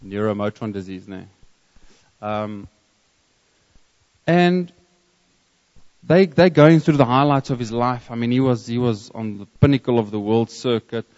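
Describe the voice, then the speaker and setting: A man with a South African accent preaching a sermon, telling a story in a reflective way with pauses and restarts. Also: medium pitch, darkish tone. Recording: long hall reverb, dull lo-fi sound.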